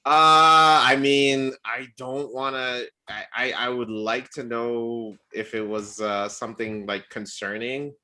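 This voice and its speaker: A young man co-hosting a podcast, telling a dating story in a casual, animated way and acting out the quotes with a jumping voice. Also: takes it slowly, few pauses. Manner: animated storyteller, acts out quotes with rising pitch. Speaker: podcast co-host.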